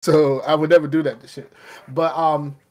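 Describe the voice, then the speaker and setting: A man hosts a podcast in easy, rambling talk. His voice sits a little high for a man, and he laughs often and trails off into restarts. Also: little pitch movement, moderate pace, darkish tone. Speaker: podcast host. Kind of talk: casual chat.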